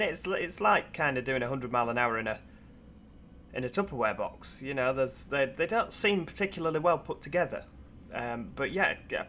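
A man's voice: mid-range voice, pushed and bright, slight background noise. A tired man, rambling casually in gameplay commentary and making self-deprecating asides. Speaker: train sim video host.

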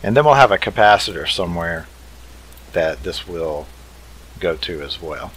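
A man's voice: sits low, lively intonation, moderate pace, fairly bright tone, husky, low-quality recording. A man hosting a let's play, thinking aloud in an easygoing way as he builds. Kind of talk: casual game commentary.

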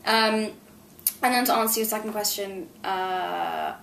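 An actress in her twenties chats animatedly as a guest in a casual interview, laughing often and filling her talk with "like." Her mid-range voice is steady, a bit bright and a little slow, with vocal fry. The recording has a roomy echo and slight background noise.

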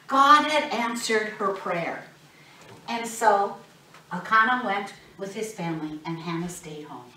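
A woman teaching children, telling a Bible story in an animated, expressive way and asking the kids questions. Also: mid-range voice, measured pace. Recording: roomy, distant mic, faint noise.

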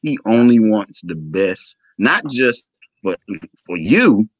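As an interview guest, a man tells an emotional personal story, animated and acting out the dialogue. His voice is fairly low and slow. The recording is dull, lo-fi and dry with no echo.

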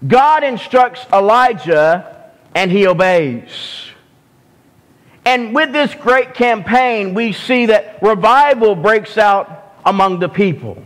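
A man with a Southern US accent preaching a sermon as pastor, slow and deliberate, often restarting his phrases. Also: sits high, animated, a bit bright. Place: church sanctuary. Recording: long hall reverb.

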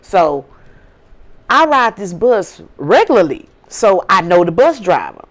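A woman's voice: medium pitch, big pitch swings, unhurried. A woman with a St. telling a story in casual talk, blunt and swearing freely. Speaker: vlogger.

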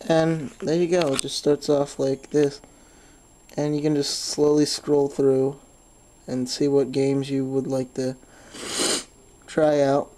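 Man hosting a casual phone how-to, mellow voice, stuffy nose, loose and rambling with fillers. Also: mid-range voice, level tone, slow pace, long pauses. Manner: rambling, lots of "um", swears when frustrated. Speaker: tutorial host. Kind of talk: casual screen-recorded phone tutorial.

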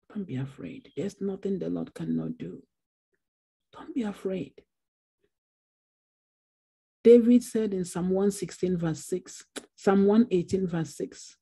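A woman's voice: lowish voice, creaky, dark tone, breathy edge. A woman pastor preaching a Bible study sermon, repeating phrases for emphasis. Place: church.

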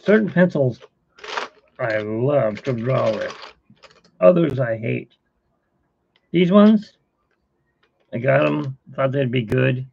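Gravelly-voiced middle-aged man chatting slowly. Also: mid-range voice, darkish tone, lo-fi sound. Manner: rambling, chuckling, talking to viewers while sketching. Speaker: host. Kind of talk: casual live-stream chat while drawing. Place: home.

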